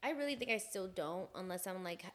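A woman co-hosting a podcast in casual chat, telling gossip in an animated way, full of "like" fillers. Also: mid-range voice, fairly quick. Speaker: podcast co-host.

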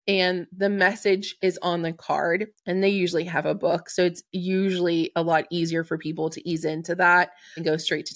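Gravelly low-voiced woman podcast host. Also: dry recording, studio quality. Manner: earnest, soothing, spiritual. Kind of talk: podcast advice monologue.

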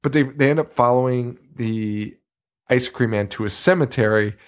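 A man's voice: mid-range voice, normal speed, clean tone. Rambling, sarcastic male podcast host. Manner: rambling, exasperated, sarcastic, swears freely. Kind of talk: casual movie review chat.

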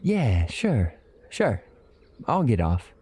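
A man's voice: medium pitch, huge pitch swings, very slow, dark tone, husky, exaggerated voice. An actor playing an earnest young man who narrates his own time-travel adventure in a folksy, colloquial way and stammers when flustered, in old-time radio drama style. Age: young adult. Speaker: narrator and lead character.

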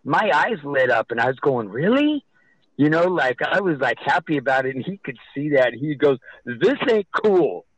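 A man being interviewed on the radio, telling stories in a halting, rambling way with many restarts. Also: medium pitch, a bit bright, no room sound, low-quality recording. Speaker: guest, festival organizer.

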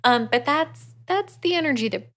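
Animated woman recapping a book. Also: sits high, moderate pace. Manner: animated retelling, acts out characters' lines; swears freely. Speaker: podcast co-host. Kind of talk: casual book recap chat.

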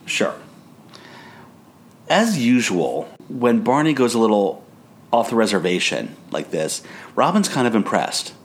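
A man's voice: on the low side, very animated, measured pace, long pauses. A man co-hosting a casual recap chat, talking in a wry, dry way with chuckles. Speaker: podcast co-host.

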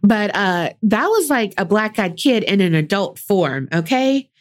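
A woman's voice: mid-range voice, very animated, unhurried. A woman co-hosting a podcast, chatty and blunt, swearing casually and laughing easily. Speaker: podcast co-host. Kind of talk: casual chat.

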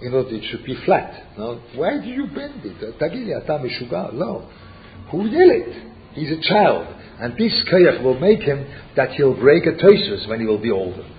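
A man's voice: medium pitch, big pitch swings, normal speed, few pauses. A man teaching a Torah class, who asks rhetorical questions, repeats himself and mixes Yiddish and Hebrew terms into his English. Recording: muffled lo-fi recording with faint background noise.

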